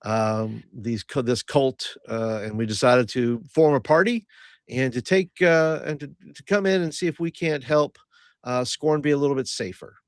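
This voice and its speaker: Man doing a polite halfling adventurer, halting speech full of fillers, mid-pitched voice, dry close sound. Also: smooth, dry recording, lightly acted.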